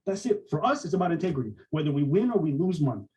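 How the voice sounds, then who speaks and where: A man on a podcast ranting in a mocking, profane way, with lots of quick restarts and acted-out quotes. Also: on the high side, sing-song, warm tone, distant mic, low-quality recording. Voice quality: mocking, profane, fast-talking. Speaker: podcast co-host. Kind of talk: heated podcast rant.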